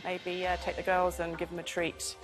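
A woman's voice: fairly low pitch, monotone, over music, rough recording. A middle-aged woman, a quiz show contestant, chatty and a bit hesitant. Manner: chatty, hesitant, with filler pauses. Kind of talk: casual answers on a game show.

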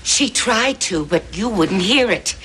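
A woman's voice: medium pitch, slow, a little hiss or hum. An actress playing an older woman, a pushy, doting neighbor who teases and feeds her guests, in a sitcom. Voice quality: animated, teasing delivery. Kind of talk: sitcom acting.

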